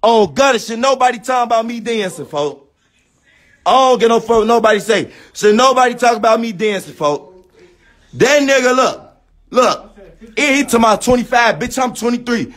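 A man with a Chicago accent in rowdy livestream banter, mocking and shouting in profane slang. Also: very high-pitched, animated, normal speed.

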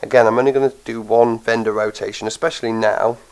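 A man's voice: medium pitch, fairly even intonation, quick pace, darkish tone, rough recording. A man with a cold and a blocked nose, tired, chatting casually as he plays and thinks aloud with plenty of ums. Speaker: gaming channel host. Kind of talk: casual gameplay commentary.

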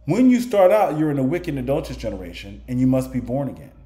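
A man preaches informally to the camera, teaching from the Bible by raising rhetorical questions and then answering them himself. He's conversational, chuckling and restarting as he goes, his medium-pitched voice expressive, quick and dark-toned in an echoey room.

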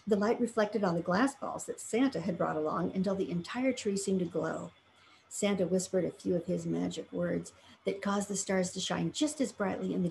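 A woman reading a children's story aloud, with gentle, measured storytelling. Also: medium pitch, vocal fry, a little hiss or hum, poor audio. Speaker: story reader for a fan club.

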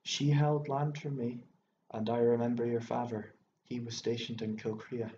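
A man voicing a fussy, excitable elderly bachelor landowner who rambles and exclaims, stammering when worked up, in an audiobook reading. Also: medium pitch, moderate pace, lightly acted. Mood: reminiscing. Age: older. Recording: echoey room, dull lo-fi sound, faint hiss.

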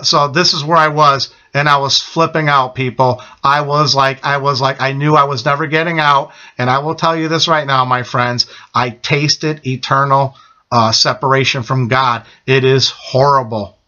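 A man's voice: on the high side, pushed and bright, poor audio. A middle-aged man telling an emphatic personal testimony, often repeating "okay?" and addressing listeners as his friends. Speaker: testimony speaker.

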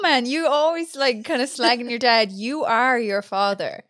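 A woman's voice: on the high side, normal speed, fairly bright tone, dry recording, clean studio sound. An Irish woman co-hosting a podcast in casual chat, joking crudely and swearing freely. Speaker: podcast co-host.

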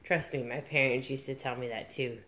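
A woman's voice: rumbling low, steady tone, brisk, fairly bright tone. A woman hosting a doll vlog, gushing and cooing over tiny outfits and cracking jokes. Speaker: reborn doll channel host. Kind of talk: casual vlog chat.

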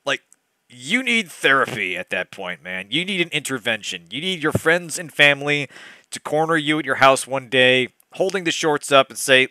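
Sarcastic male host, bright sharp voice, riffing with exasperation through a comedic read-along. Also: medium pitch, lively intonation, normal speed, no room sound.

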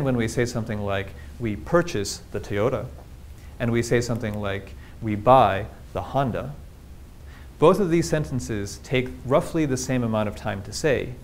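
A man of middling pitch gives a public talk on language, walking listeners through his slides and asking them questions as he goes. His delivery is engaged and explanatory. A faint low rumble sits behind the recording. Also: moderate pace, few pauses, a little mellow. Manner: explanatory, engaged, asks the audience rhetorical questions. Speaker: linguistics lecturer.

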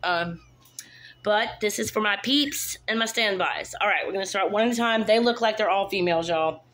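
In this casual vlog, a woman who breeds cats presents each kitten in turn and talks baby talk to them on a handheld phone. She speaks at a normal speed in a mid-range, slightly bright voice, with a little hiss or hum in the recording.

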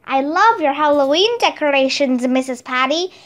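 A woman's voice: high voice, lively intonation, normal speed, fairly bright tone. A woman voicing a bossy know-it-all schoolgirl, prim and smug, in a storybook read-aloud.

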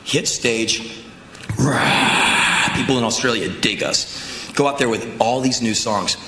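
A man performing live spoken word, telling stories in an intense, animated, profane way. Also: mid-range voice, takes it slowly. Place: stage in a large venue. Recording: echoey live venue with crowd noise.

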